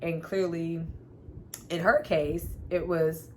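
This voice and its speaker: A woman's voice: deep voice, steady tone, unhurried, a little hiss or hum, low-quality recording. A woman casually recapping and reviewing a TV episode, animatedly acting out the characters' lines with sighs and laughs. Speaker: TV review vlogger.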